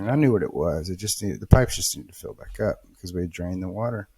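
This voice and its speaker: A man with a fairly low voice spins a casual story as a podcast guest. He swears freely and acts out other people's lines. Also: fast, vocal fry, slightly rough. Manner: animated, swearing, acts out quotes. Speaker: podcast guest, real estate investor.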